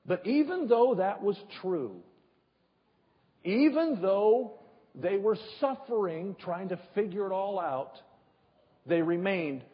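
A husky male pastor preaches slowly, leaning on rhetorical questions and long pauses. His high voice climbs and drops dramatically from word to word. The sound is dull and carries a long hall reverb. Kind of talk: sermon.

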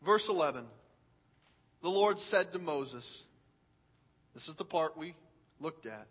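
A man preaching a sermon to his church, reading scripture with animated, dramatic swings in loudness. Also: fairly high pitch, measured pace, pauses often, husky. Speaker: pastor. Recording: dull sound with long hall reverb.

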